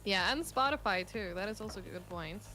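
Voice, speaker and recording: A woman's voice: mid-range voice, lively intonation, fairly quick. Laid-back woman co-hosting, music behind. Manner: easygoing, laughs often. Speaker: game developer co-hosting a stream. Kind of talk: casual livestream chat. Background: game music.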